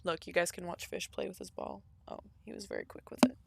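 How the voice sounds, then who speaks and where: A woman's voice: lowish voice, huge pitch swings, fast, creaky, a little hiss or hum. A young adult woman streaming a game, chatting casually with viewers, swearing freely and puzzling over their comments. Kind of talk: casual live-stream chat. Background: loud game music.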